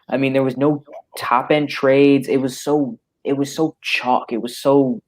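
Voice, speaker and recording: A man of middle pitch co-hosts a laid-back livestream, making his points in an even, analytical way. His tone stays steady as he works through his thoughts. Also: moderate pace. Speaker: co-host. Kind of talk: casual livestream chat.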